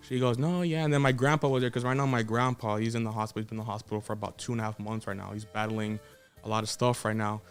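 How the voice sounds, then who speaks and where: A 21-year-old man from South Texas tells his story in a casual, rambling way. He is openly emotional and often restarts his sentences. His voice sits in a middle pitch. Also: steady tone, quick pace, faint music behind. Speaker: guest wrestler.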